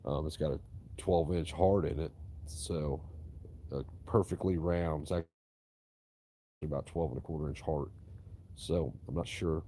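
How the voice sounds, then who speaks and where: Deep man, profane rambling talk, mellow tone, faint background hiss. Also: fairly even intonation, moderate pace, pauses often. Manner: profane, rambling, drawling storyteller. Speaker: tree cutter vlogging. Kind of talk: casual rambling monologue.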